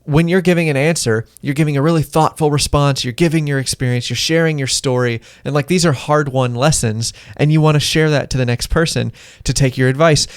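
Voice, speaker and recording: A man's voice: on the high side, steady tone, a little fast, few pauses, dry recording, studio quality. A man co-hosting a podcast, chatting casually and rambling, sometimes acting out short dialogues to make a point. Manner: rambling, offhand, acts out little dialogues. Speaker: podcast co-host. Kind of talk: casual advice chat.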